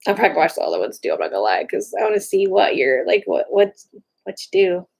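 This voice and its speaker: An excitable woman chatting casually, gushing while she browses online. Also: fairly low pitch, fast, vocal fry. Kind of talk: casual chat.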